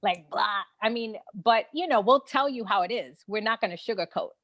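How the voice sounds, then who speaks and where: A woman's voice: medium pitch, normal speed. A woman with a Brooklyn, New York accent, the guest in a casual online conversation, talking frankly with plenty of fillers and laughs over a video call. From New York City. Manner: frank, animated, laughs often, many fillers.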